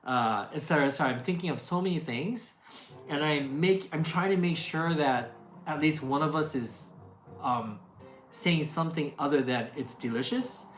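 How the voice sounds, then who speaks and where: A woman from food videos answers questions casually in a low voice at a moderate pace. There's faint music and an echoey room, and her chat is full of fillers, restarts and laughs.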